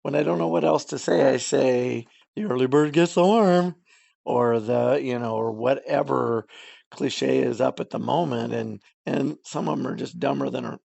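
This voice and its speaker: A man co-hosting a casual chat, rambling in an easygoing way and laughing a lot, with a gravelly, husky voice. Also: mid-range voice, moderate pace, a little mellow, no echo, highs cut off. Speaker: podcast co-host.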